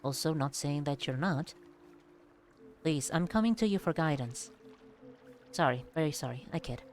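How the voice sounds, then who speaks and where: A dry, teasing ancient machine mind that slips into weary reflection, voiced low and steady. A woman reads these lines aloud from a game. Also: normal speed, faint music behind, natural voice. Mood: wry.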